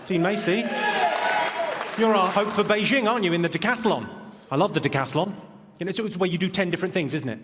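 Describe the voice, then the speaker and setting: A man with a posh southern English accent doing a stand-up set of deadpan one-liners on a large theatre stage. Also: sits high, quick pace, pauses often, a little hiss or hum. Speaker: stand-up comedian. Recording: live theatre, roomy, loud crowd. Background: audience laughter.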